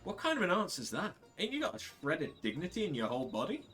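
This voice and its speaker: A man's voice: on the high side, wildly swooping pitch, quick pace, a bit bright, soft background music, voice pushed up. A man voicing a brash, tough woman adventurer, reading game dialogue aloud in a blunt, scornful, slangy way.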